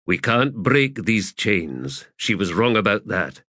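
A man's voice: lowish voice, big pitch swings, slow pace, pushed and bright, no room sound, studio quality, full character voice. A man doing a blunt, weary soldier.

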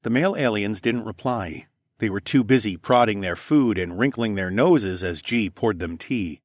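A man's voice: fairly low pitch, animated, normal speed, no room sound. A man narrating a first-person science fiction audiobook.

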